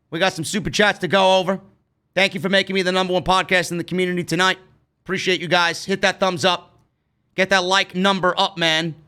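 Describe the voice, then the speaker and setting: A man's voice: high-pitched, sharp tone. A man hosting a livestream wrestling review, ranting brashly and swearing constantly. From New York. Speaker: wrestling show reviewer, podcast host. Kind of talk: livestream rant, casual chat. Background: faint music.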